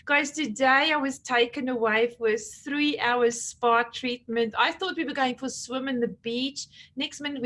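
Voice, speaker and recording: A woman's voice: a little high, a bit bright. A middle-aged woman leading her team, chatting casually as she hands out awards and retells conversations. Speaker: team leader presenting awards.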